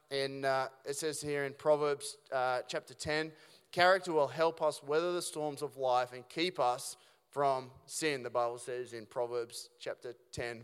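Chatty pastor in a reverberant church hall. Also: male voice, a little high, fairly bright tone, clear, resonant tone. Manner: casual, conversational preaching with rhetorical questions and restarts. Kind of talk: sermon. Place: church auditorium.

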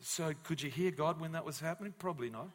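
A man preaching a sermon as pastor, telling a Bible story in a lively way and acting out the voices of the people in it. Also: a little high, quick pace. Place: church hall. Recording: long church hall reverb.

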